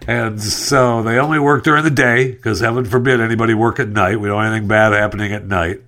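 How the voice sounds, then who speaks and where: A man's voice: lowish voice, a bit bright. A man hosting comedic news commentary, sarcastic and mocking, chuckling as he goes.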